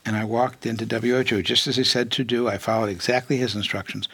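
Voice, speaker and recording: Husky older man telling stories. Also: mid-range voice, fast talker, no echo. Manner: lively storyteller, acts out quoted voices, laughs often. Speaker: guest, physician. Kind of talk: storytelling interview.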